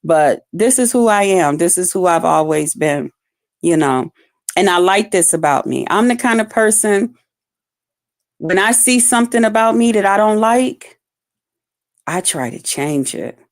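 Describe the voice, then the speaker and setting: Animated woman in a dry close recording. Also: mid-range voice, measured pace, no room sound. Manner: animated storytelling, acts out quotes loudly, laughs often. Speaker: vlogger. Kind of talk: casual chat to viewers.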